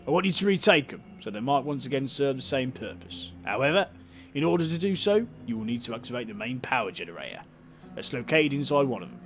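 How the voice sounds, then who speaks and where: A man voicing a big, bearded, calm male station councillor from a video game, with a Cockney accent, clipping words like 'em. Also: medium pitch, fast talker, faint music behind. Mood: calm, welcoming. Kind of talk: reading game dialogue aloud.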